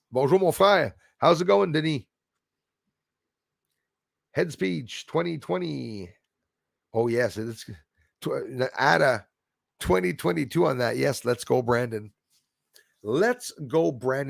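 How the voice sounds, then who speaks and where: Gravelly rambling man. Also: medium pitch, no room sound, studio quality. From Canada. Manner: rambling, indignant, reads viewer comments aloud. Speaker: livestream host reading chat. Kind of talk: casual chat.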